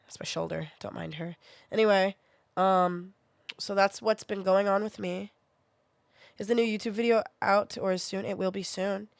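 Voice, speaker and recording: A woman's voice: medium pitch, steady tone, creaky, dry recording. Young woman, sick, sore throat, blunt, swears a lot, casual stream chat, dry sound. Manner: blunt, swears often, quick to vent.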